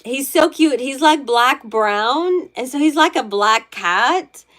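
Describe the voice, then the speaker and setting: A middle-aged woman hosting a tarot livestream, chatting with her viewers in a slow, unhurried way. Her voice sits a little high, and she rambles and gushes, restarting her sentences as she goes. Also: expressive, a bit bright. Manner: rambling, gushing, many restarts. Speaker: tarot reader, livestream host. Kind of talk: casual livestream chat with viewers.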